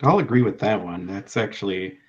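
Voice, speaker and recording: Low-voiced earnest man, hesitant, muffled call audio. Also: lively intonation, fairly quick, darkish tone, breathy edge. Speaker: participant. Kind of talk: casual chat. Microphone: video call. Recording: dull lo-fi video-call audio.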